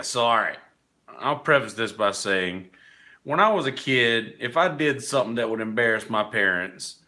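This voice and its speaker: A man's voice: mid-range voice, bright, forceful tone. A man hosting his own podcast, telling rambling stories in a candid, profane, casual way. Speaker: podcast host; working musician. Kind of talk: casual monologue.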